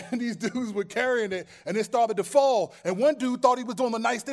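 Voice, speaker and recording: A man's voice: very high voice, brisk. A man preaching a sermon as pastor, in a conversational way that acts out everyday scenes and quoted voices.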